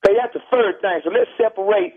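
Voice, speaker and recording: Man, Texas accent, heated phone interview, forceful lecturing, high voice, dull phone sound. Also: brisk. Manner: forceful, lecturing, repeats points. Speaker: rapper guest. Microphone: telephone. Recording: muffled phone line.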